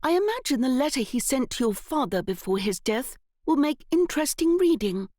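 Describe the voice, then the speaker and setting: A woman's voice: high-pitched, big pitch swings, fairly quick, darkish tone, no room sound, studio quality, pitched above the performer's own voice. A woman voicing a severe young aristocratic lady speaking haughtily. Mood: cutting.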